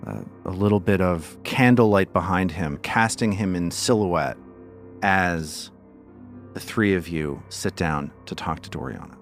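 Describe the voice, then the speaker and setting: A man running a tabletop game as game master, narrating in a relaxed way and often repeating words as he thinks. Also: low-pitched, measured pace, soft background music.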